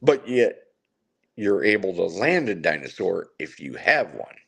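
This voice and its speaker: Man, low voice, gravelly, excited casual chat, repeats himself. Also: unhurried. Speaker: fishing guide guest.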